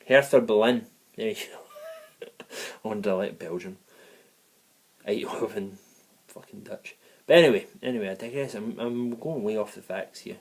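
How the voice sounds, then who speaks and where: A man's voice: medium pitch, darkish tone. A man giving a heated, profane and digressive football review in a fan vlog. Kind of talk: ranting match review vlog. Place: living in the United States.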